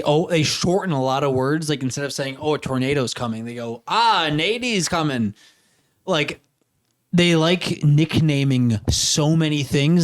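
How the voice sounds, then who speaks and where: A man hosting a podcast in casual chat, rambling and joking, often breaking into animated quoted voices. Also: on the high side, dry recording, clean studio sound. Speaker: podcast host.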